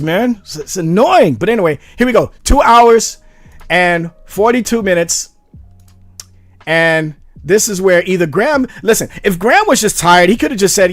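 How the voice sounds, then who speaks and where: A man hosting a commentary channel, reacting to a debate clip with animated, sarcastic asides. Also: a little high, normal speed, no echo.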